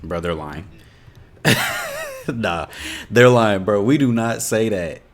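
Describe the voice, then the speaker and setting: A man's voice: on the low side, animated, measured pace, slight background noise. A man in his twenties with an Indiana accent, reacting casually to videos, laid-back and laughing often between exasperated remarks. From Indiana, USA. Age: 20s.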